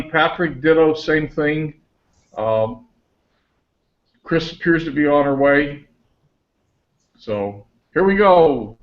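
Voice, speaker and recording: A man's voice: a little high, muffled recording. Chatty man hosting a video call. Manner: chatty, thinks aloud while sorting out tech. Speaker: host of an online discussion group.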